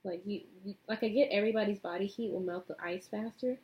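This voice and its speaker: A woman's voice: mid-range voice, fast talker, dull audio. A young woman vlogger chatting casually as she retells a movie plot and does her makeup, rambling with lots of fillers. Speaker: beauty vlogger.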